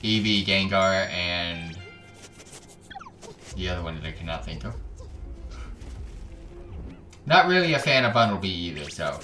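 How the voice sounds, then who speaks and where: A man's voice: low voice, lively intonation, moderate pace, pushed and bright, roomy sound, soft background music. A man streaming casual reaction commentary, sarcastic and often trailing off mid-sentence. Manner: sarcastic, trailing off, self-interrupting. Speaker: gaming streamer reacting to videos.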